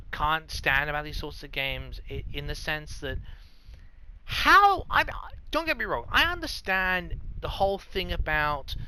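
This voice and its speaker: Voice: mid-range voice, bright, forceful tone, slight background noise, low-quality recording. A let's-play commentator talking casually after a horror game. The speaker rambles, restarts sentences and corrects themselves while giving opinions. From Britain.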